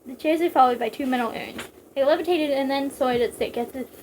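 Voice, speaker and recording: A woman's voice: sits high, brisk, darkish tone, slight background noise, poor audio. A young woman casually reading a story aloud, breaking off for giggly jokes. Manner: giggly, joking digressions. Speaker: reader.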